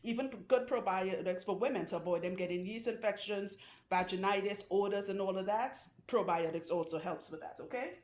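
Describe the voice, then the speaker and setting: A woman's voice: medium pitch, a little fast, echoey room. A woman who works as a loctician, giving casual hair and scalp advice and often checking in with her listeners. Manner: chatty, keeps checking in with listeners.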